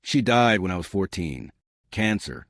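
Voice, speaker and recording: A steady, guarded crime boss, read by a man in a low voice. He speaks quietly and with restraint, yet his pitch moves a lot from line to line. The sound is dry and close. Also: measured pace, no room sound, full character voice. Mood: solemn. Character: calm, guarded male crime boss, adult.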